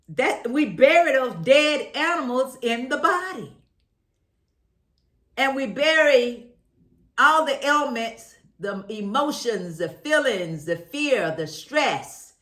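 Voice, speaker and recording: A woman's voice: high voice, fairly bright tone, roomy sound, rough recording. A woman, chatting while juicing and exclaiming, repeating phrases like a preacher. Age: 70s. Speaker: health vlogger. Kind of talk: casual chat while juicing.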